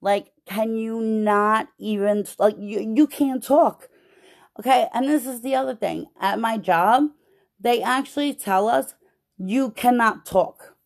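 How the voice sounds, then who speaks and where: A woman podcast host venting about her job in a casual, profane, animated way, with many "like"s. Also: a little high, measured pace, gravelly. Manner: profane, animated storytelling with lots of "like".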